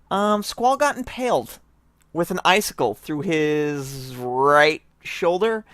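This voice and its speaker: A man's voice: on the high side, a bit bright, no room sound. A tipsy man hosting a let's play, rambling with joking asides in casual gameplay commentary on a close mic that pops. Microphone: close mic with popping.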